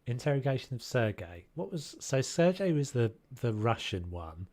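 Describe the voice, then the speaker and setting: A man's voice: mid-range voice, sing-song, normal speed, darkish tone. A man with a Scottish accent, chatting casually and joking at himself while live-streaming a game. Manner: joking, self-mocking, swears mildly.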